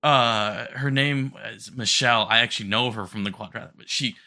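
A man co-hosting a podcast talks in casual conversation. His voice is very bright and forward, and he explains things with enthusiasm. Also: medium pitch, normal speed. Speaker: podcast co-host.

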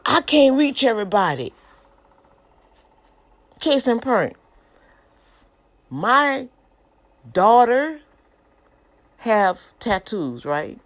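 A middle-aged woman preaching informally, telling a lively testimony with quoted dialogue in a manner. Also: on the high side, extremely slow, long pauses. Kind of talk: informal sermon to an online audience.

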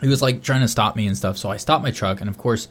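A man's voice: fairly low pitch, quick pace. Profane, rambling male podcast co-host. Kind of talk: casual podcast chat.

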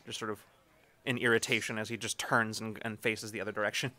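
A man's voice: lowish voice, little pitch movement, fast, sharp tone. A man narrating a tabletop game as game master, meandering through his descriptions. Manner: meandering, many fillers and restarts.

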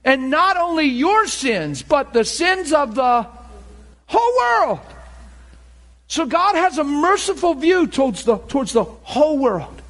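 A man's voice: extremely high pitch, very animated, unhurried, fairly bright tone. A middle-aged man preaching a sermon in a conversational way, acting out little dialogues and laughing often.

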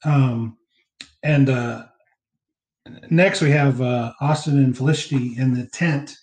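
A man hosting a casual movie commentary chat, rambling through scene recaps with fillers and quick laughs. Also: medium pitch, a little mellow, reverberant, poor audio. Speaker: podcast co-host.

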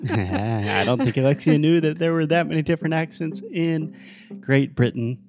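A man's voice: fairly high pitch, moderate pace, darkish tone. A man with a Southern American accent, co-hosting a casual podcast and teasing his partner. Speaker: podcast co-host.

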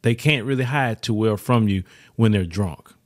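A man's voice: on the low side, normal speed. A middle-aged man giving preachy, emphatic opinion commentary, often stumbling into repeated words and restarts.

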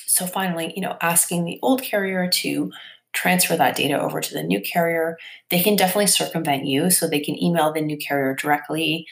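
A woman's voice: sits low, a little fast, creaky. A woman hosting a podcast, explaining things in a chatty, casual way with many fillers and asides. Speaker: podcast host.

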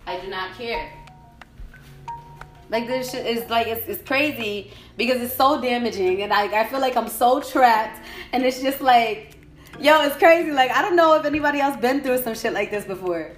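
A young woman talks through her own podcast in a high voice, swearing at nearly every turn and repeating herself as she vents. The room is echoey, and faint music plays underneath. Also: moderate pace. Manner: swears constantly, repeats herself, angry ranting. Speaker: podcast host. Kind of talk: solo podcast venting.

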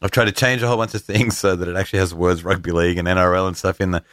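An Australian man hosts a laid-back footy podcast and rattles through fans' tweets with cheeky asides. His voice sits a little low. The room is dry, with no echo. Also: fairly even intonation, a bit bright. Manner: jokey, reads out tweets, quick asides. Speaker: podcast host and rugby league referee. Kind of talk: casual sports podcast chat.

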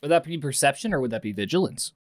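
A man's voice: medium pitch, expressive, fast. Casual man playing a tabletop game. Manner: casual, filler-heavy with "like". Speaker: player.

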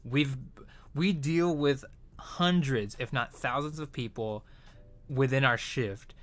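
A man's voice: medium pitch, slow. Rambling, profane young-sounding man. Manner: rambling, profane, frequent fillers and restarts. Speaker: retail worker telling a story. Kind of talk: casual chat.

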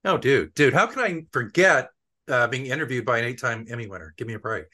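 A man's voice: mid-range voice, animated, a little fast, sharp tone. A middle-aged man hosting an interview podcast, chatty and joking with an old friend. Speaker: podcast host. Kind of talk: casual interview chat.

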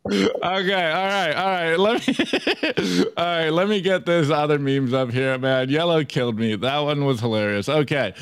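A man's voice: a little high, normal speed, clear, resonant tone, dry recording. A man hosting a casual live show, chatting loosely and stumbling over his words as he reads memes aloud. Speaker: podcast host. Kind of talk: casual live-stream commentary.

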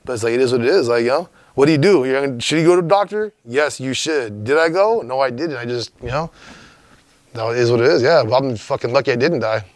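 A man's voice: medium pitch, fast, no room sound. A man telling a story as an interview guest, in a rambling, profane, laid-back way.

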